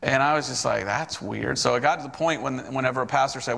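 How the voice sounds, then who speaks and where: Telling his sermon testimony with hardly any pauses, a forties-aged missionary preacher brings the people in his story to life through animated quoted voices. His gravelly, medium-pitched voice runs fast, and the room sounds big.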